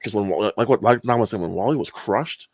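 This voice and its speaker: A man chats casually about films with a deep, gravelly voice. He talks fast and eagerly, often restarting his sentences. The sound is dry and close. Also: darkish tone, no echo. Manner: enthusiastic, stumbling restarts. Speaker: podcast co-host. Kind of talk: casual chat.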